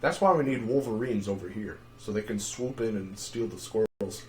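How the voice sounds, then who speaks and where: A young man hosting a casual livestream, telling rambling, profane stories full of dark jokes. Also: fairly low pitch, moderate pace, a little hiss or hum. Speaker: livestream host.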